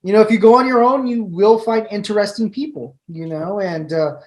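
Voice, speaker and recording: A man's voice: sits high, brisk, poor audio. A man, a podcast guest, telling a story in a laid-back, joking way and swearing freely.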